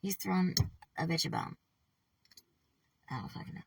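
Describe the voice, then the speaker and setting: A woman with a deeply gravelly, rough and breathy voice, talking to camera in a meandering personal vlog. She swears freely, breaks off mid-sentence and slips into whispers. She sits back from the mic in a dry, dead-sounding room. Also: big pitch swings, dry recording, distant mic. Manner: halting, profane, trails off, drops to whispers. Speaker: vlogger. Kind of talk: rambling personal monologue.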